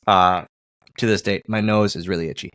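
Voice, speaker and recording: A man's voice: sits low, fairly even intonation, brisk, fairly bright tone, no room sound, clean studio sound. A man hosting a podcast in casual chat, telling self-mocking stories and laughing often. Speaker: podcast host.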